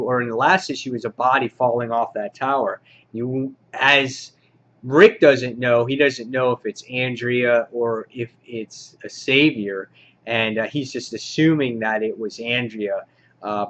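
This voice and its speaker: A man giving a casual comic book review, rambling with many filler words and getting excited as he goes. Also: medium pitch, dull audio.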